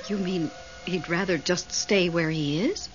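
A woman's voice: fairly low pitch, a little slow, close to an everyday voice. An actress playing Melba, a lonely widow devoted to her dead husband, gasping and breathless, in a radio drama. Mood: insistent. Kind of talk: 1970s radio drama acting. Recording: dull old radio broadcast, faint hiss.

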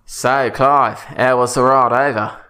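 A man's voice: mid-range voice, steady tone, a little slow, pushed and bright, smooth. A man playing a posh Australian-accented fraudster. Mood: sly. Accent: put-on Australian. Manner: improvised, rambling, cheeky. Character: posh exiled male aristocrat fraudster.

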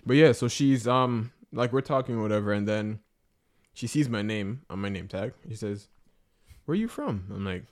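Man, podcast host, lowish voice, casual, laughs often. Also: normal speed. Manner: laughs often, relaxed storytelling. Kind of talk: casual chat among friends.

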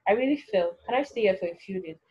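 A woman voicing a bruised young woman who quietly evades questions about her injuries. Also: medium pitch, expressive, fast, husky, lo-fi sound. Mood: evasive.

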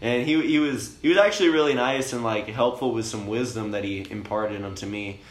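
A young man, a bit high, telling a long profane story in a rambling, laid-back way inside a camper van. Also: a little fast. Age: young adult. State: high on cannabis. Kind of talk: casual storytelling chat. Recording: roomy with faint noise.

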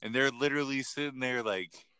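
Young podcast guy, bright and forceful tone, dry close mic, swears a lot. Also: mid-range voice, fairly quick, clean tone, no echo. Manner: profane, rambling, animated storyteller. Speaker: podcast co-host. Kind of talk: casual storytelling chat.

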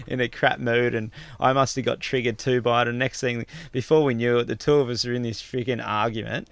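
A man in casual conversation, telling a story in an animated way, laughing often and swearing freely. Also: medium pitch, gravelly, no echo.

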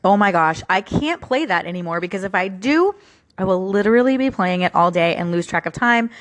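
A woman's voice: mid-range voice, animated, a little fast. A woman leaving a casual message for a radio show while eating lunch, chatty and eager. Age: adult parent.

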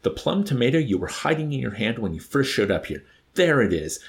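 A man's voice: medium pitch, sing-song, fairly quick, gravelly, pitched above the performer's own voice. A man reading as an indignant scheming corporal. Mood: insistent. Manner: indignant, insistent, raised voice.

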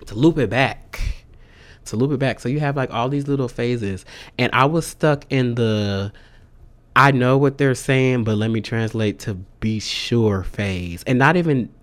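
A man in a casual vlog update, talking excitedly and loosely with many fillers and slang like y'all. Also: mid-range voice. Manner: says "y'all" and "sis". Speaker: vlogger.

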